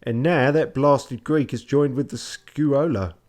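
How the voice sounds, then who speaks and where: A fiery young Venetian woman spits scorn in a thick Cockney accent, her voice pushed up high and loud. She curses freely and sounds haughty from the first word, with a man doing the voice. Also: unhurried, close to an everyday voice. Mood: scornful. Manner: scornful, cursing.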